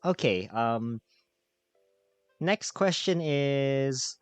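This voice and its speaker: A man's voice: mid-range voice, expressive, extremely slow, clear, resonant tone, dry recording, faint music behind. A man hosting a casual interview, asking questions with many restarts and fillers. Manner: hesitant, many restarts and fillers, laughs easily. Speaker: host.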